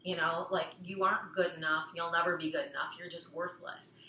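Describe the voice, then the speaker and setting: A woman gives a casual self-help talk, rambling along with many fillers. Her voice is bright and forceful, and she sometimes sings a phrase playfully. The room adds a noticeable echo. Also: on the low side, steady tone, a little fast, slight background noise. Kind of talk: casual personal talk on healing. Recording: echoey room.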